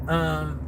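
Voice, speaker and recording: An American man with a fairly high voice chats through a livestream Q&A from inside a car, reading viewer comments aloud. His replies ramble, hedge and restart repeatedly, and the poor audio has a little hiss or hum.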